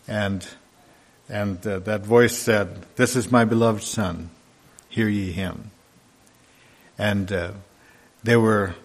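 A man preaching a sermon. He reads scripture aloud in old-fashioned wording and explains it in a plain, unhurried way, pausing often with fillers. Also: on the low side. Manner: reads scripture loudly, then explains softly with many fillers.

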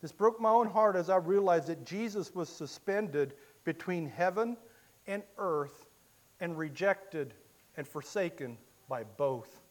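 A man preaching a sermon, telling the story in the first person and swinging from hushed, quiet lines to loud, impassioned cries. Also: high-pitched, expressive, measured pace.

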